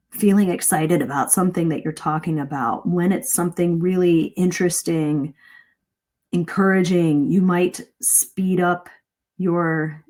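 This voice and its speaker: Lively woman coaching English speaking. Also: lowish voice. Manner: lively, demonstrates pace and emphasis, asks listeners questions. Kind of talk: live online lesson.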